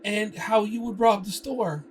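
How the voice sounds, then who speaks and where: A man's voice: high voice, measured pace, voice pushed up. A man reading aloud voices an eager young male store worker in a raised, overeager voice. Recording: distant mic with background noise.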